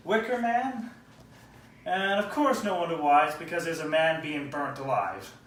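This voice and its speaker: A man from Canada performing a stand-up comedy set, animated and slipping into quick character voices. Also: fairly high pitch, very echoey, distant mic.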